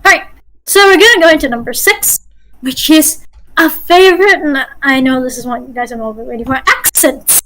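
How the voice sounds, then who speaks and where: A woman's voice: high voice, moderate pace, fairly bright tone, poor audio. A woman game master giving a chatty online voice-acting workshop over a video call. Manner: chatty, with apologies and restarts.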